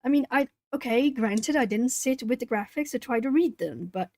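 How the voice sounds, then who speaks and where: A woman with a fairly high voice chats casually on a live stream, reading comments and answering viewers by name. Her voice is close and dry, with no room sound behind it. She often trails off and restarts, then perks up when she retells a story. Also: moderate pace, no echo. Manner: chatty, talking to chat while colouring; animated when retelling stories. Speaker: YouTube art channel host. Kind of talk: casual livestream chat.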